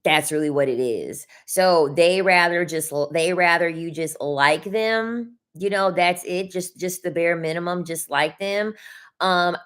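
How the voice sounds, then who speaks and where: A woman's voice: fairly low pitch, a little slow, fairly bright tone, clean tone. Blunt, cussing young woman streamer. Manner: blunt, profane, repeats points for emphasis. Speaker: livestream host reading chat. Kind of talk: casual livestream chat.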